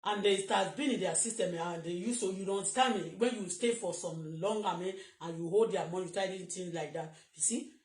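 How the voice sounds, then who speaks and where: On a live stream, a Nigerian-accented woman delivers an emotional, agitated monologue, repeating herself and sometimes slipping into Yoruba. Her voice sits on the low side with a darkish tone, and she talks fairly quickly with hardly any pauses. She's recorded on a phone in an echoey room.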